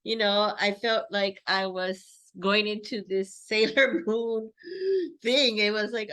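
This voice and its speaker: A woman sits outdoors talking to her camera in an unhurried, rambling way, full of "like" and "you know" fillers. She laughs often between thoughts and keeps a middle-pitched voice. Her vlog pace stays slow and easygoing. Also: little pitch movement, a bit bright. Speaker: vlogger. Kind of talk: casual reflective vlog monologue. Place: sitting outdoors.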